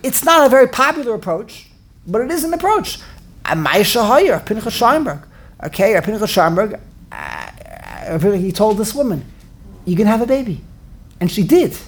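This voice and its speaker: Very animated yet at a normal speed, a woman with a slightly rough, mid-range voice teaches a Torah class. She works through ideas aloud, asking emphatic rhetorical questions and often beginning again.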